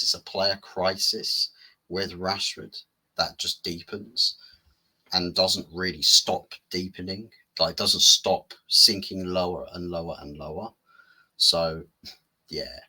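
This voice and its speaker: Husky low-voiced football channel man. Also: pushed and bright, low-quality recording. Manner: rambling, many rhetorical questions to viewers. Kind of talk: casual football commentary video.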